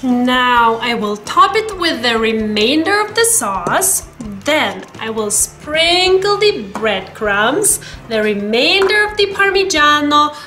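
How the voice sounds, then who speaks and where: A woman cooking and tasting food on her vlog, talking to the camera in a gushing, excitable way. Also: roomy sound. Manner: gushing, excitable, breaks into squeaky voice. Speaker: cooking vlogger. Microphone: camera mic, some distance away.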